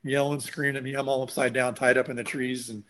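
A man telling a long story in casual conversation, animated and acting out what others said. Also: mid-range voice, fast talker, a little hiss or hum. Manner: animated, acts out quotes of others. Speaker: guest.

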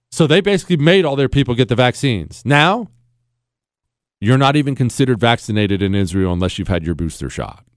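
A man's voice: on the high side, dry recording, studio quality. A man hosting a talk show, delivering an opinionated monologue with sarcastic, emphatic asides. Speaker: radio talk show host.

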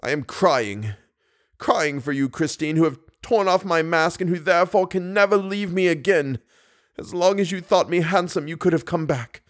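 A man's voice: moderate pace, natural voice. A man voicing a raging, hissing masked phantom. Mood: anguished. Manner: swings between roaring and low hissing. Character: hideous masked phantom, grown man, tormented and volatile. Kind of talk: audiobook reading.

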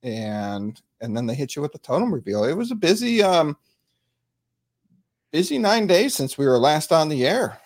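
A man co-hosting a podcast in casual chat, relaxed and teasing, laughing often between his words. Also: a little high, normal speed. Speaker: podcast co-host.

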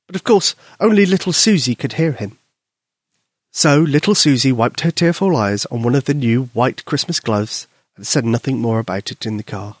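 A man's voice: mid-range voice, moderate pace, dry recording, clean studio sound. Man reading a bedtime story. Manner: gentle, expressive reading. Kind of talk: children's story narration.

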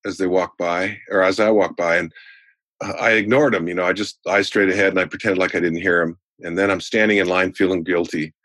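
A man in his sixties, a sales trainer guest in an interview, telling stories in an animated way. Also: sits low, brisk, no room sound. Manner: animated storyteller. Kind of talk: storytelling in a podcast interview.

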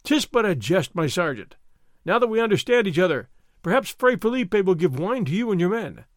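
A man's voice: sits high, big pitch swings, fairly quick, no echo. Man playing languid young nobleman, refined, teasing, audiobook, dry recording. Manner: leisurely, mildly teasing, refined. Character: languid young male nobleman, mild and mocking. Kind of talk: audiobook character reading.

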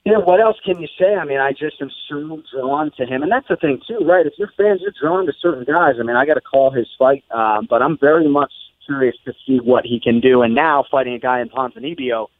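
Phone-in guest announcer, man, measured delivery, dry phone-line sound. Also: mid-range voice, no echo. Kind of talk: casual chat by phone.

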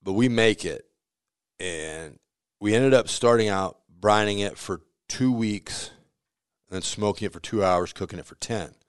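Deep-voiced man telling kitchen stories. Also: a little slow, clear, resonant tone, dry recording, studio quality. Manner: animated storyteller who acts out quoted voices, laughs often. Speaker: pizzeria owner. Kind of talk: casual storytelling interview.

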